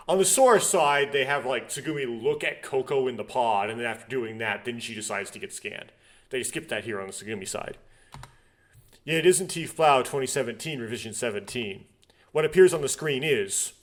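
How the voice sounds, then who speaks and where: A young man reading a visual novel's text aloud and breaking off into rambling, nitpicking asides. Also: medium pitch. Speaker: let's play host.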